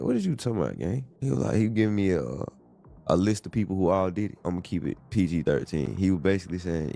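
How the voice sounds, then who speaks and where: Deep gravelly man telling a slangy story. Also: fast, soft background music. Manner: animated slangy storytelling with voiced quotes. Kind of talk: casual storytelling.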